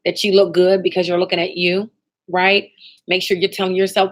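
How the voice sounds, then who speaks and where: A woman's voice: lowish voice, flat delivery, brisk. A woman running a live training session for sales agents, upbeat and motivational, often checking in with "okay?" and "right?".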